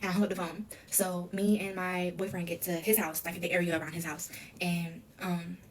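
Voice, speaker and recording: A young adult woman telling her own story candidly in an interview, talking in rapid runs full of "like" and quoted dialogue. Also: lowish voice, level tone, a little hiss or hum. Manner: rapid, filler-heavy retelling with quoted dialogue.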